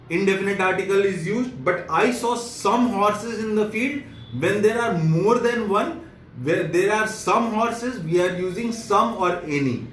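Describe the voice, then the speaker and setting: Man, Indian English accent, teacher, high voice, repeats each point, distant mic in an echoey room. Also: a bit bright, slight background noise. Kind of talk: classroom grammar lesson.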